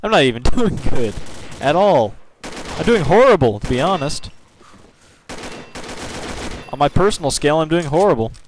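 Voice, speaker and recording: A man's voice: a little high, lively intonation, moderate pace, long pauses, a little hiss or hum, low-quality recording. A man giving casual, grumbling commentary over his own gameplay. He gets frustrated easily and keeps apologizing for it. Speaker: gameplay video host. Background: game gunfire and clicks.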